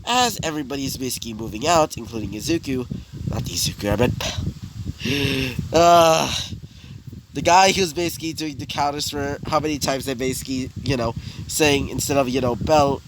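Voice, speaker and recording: A man's voice: mid-range voice, lively intonation, fast, background noise. A man casually improvising a fan story, rambling with lots of fillers and correcting himself as he goes. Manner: rambling, heavy fillers, frequent self-corrections.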